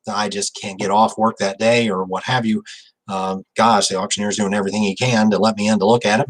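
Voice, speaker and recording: A man's voice: fairly low pitch, rough recording. A man, an auctioneer, explaining a legal point in an informal talk, thinking aloud with frequent fillers and restarts. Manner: reads a quoted passage aloud.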